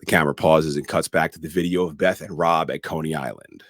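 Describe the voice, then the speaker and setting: Very deep-voiced man recapping a film. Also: fast, no echo, studio quality. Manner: animated storytelling with sound words. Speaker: podcast co-host. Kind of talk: casual movie recap.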